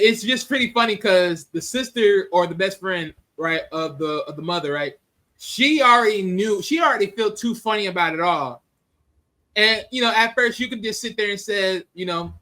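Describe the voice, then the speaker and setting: Animated, high-voiced casual man. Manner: animated, laughing often, acting out scenes in voices. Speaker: movie reviewer. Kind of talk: casual spoken movie review.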